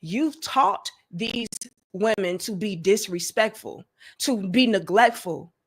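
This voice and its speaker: A woman's voice: mid-range voice, lively intonation, slow, husky. A woman in her thirties hosting a live commentary stream, talking bluntly and with emphasis and swearing freely as she tells personal stories to her chat. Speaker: commentary channel host.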